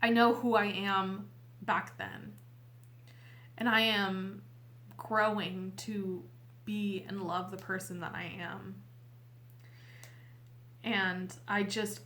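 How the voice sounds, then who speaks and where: A woman host talking casually and heartfelt to her viewers, tearful and earnest, with a halting way of speaking. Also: mid-range voice, steady tone, fairly bright tone. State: weepy, tearful. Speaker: tarot reader and channel host. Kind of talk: casual heartfelt talk to camera.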